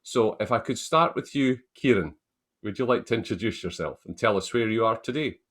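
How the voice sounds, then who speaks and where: Measured, low-voiced male panel moderator. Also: expressive, fairly bright tone. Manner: measured, polite, turn-giving.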